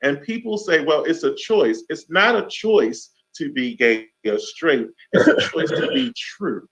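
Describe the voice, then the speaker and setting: A man's voice: a little high, unhurried. A man hosting a radio talk show, telling a story casually and acting out the voices of the people in it. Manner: animated storyteller who acts out voices. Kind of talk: casual chat. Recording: dull lo-fi sound.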